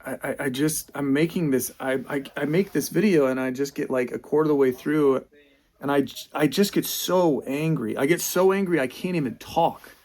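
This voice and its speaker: A young man venting in a video clip, frustrated and halting, repeating himself. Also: on the high side, a little mellow.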